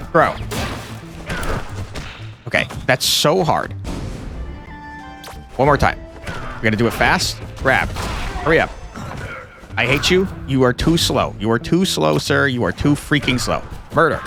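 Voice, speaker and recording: Gamer guy, lively voice, slow drawl, snaps moves and jokey insults at his fighter. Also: medium pitch, gravelly. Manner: barks quick commands, mock-insults his character. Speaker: gamer playing a martial arts game. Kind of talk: let's play commentary. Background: game music.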